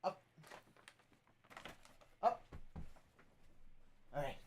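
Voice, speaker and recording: A man hosting a casual live stream, playful and laughing often, his voice swinging between loud calls and soft murmurs. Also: drawn-out words, no room sound. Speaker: streamer host.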